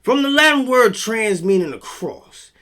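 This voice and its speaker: A man with a high voice and a piercing, very bright edge talks straight to his viewers. He is blunt and swears freely. He reads text aloud, then breaks off into his own rants. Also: lively intonation, unhurried. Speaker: vlog host. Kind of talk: profane commentary monologue.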